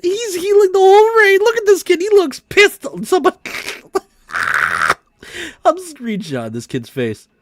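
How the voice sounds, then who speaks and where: A young man livestreaming a game, talking casually and excitably, laughing a lot and swearing freely. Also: very high-pitched, moderate pace, pauses often. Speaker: streamer. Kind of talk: casual live-stream reaction commentary.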